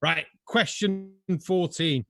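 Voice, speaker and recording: A man's voice: fairly high pitch, gravelly, no echo. Sarcastic male quiz host, dry sound. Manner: sarcastic, quick asides, swears and laughs. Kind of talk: casual quiz hosting on a video call.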